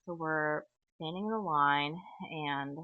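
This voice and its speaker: Speaking slowly in a low register, a solo podcast host drifts through a meandering, talkative monologue, sprinkling in fillers and frequent "okay?" checks. Her audio is dry and tinny, resembling a phone line.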